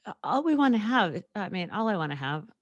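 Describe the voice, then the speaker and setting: A woman's voice: medium pitch, big pitch swings, a little fast, no echo, highs cut off. A young woman hosting a solo podcast, talking candidly and rambling, with frequent laughs and fillers. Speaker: podcast host. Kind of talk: casual solo podcast chat.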